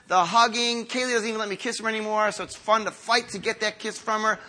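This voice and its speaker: A pastor in his fifties preaches in an earnest, conversational way, dropping low for quiet lines and rising for emphatic ones. His voice sits high for a man and rings very bright. He talks to his congregation as if chatting with them. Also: steady tone, fast, few pauses. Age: 50s. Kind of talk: sermon.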